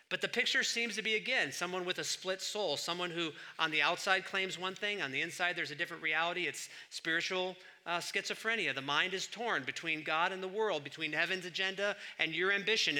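Bright, animated male preacher. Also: a little high. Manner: animated teaching, sudden swings between loud and quiet. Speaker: pastor. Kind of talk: sermon.

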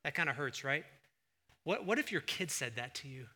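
A male pastor preaching a sermon, asking rhetorical questions and swinging between hushed, slow emphasis and loud exclamations. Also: a little high, animated. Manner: asks the congregation rhetorical questions.

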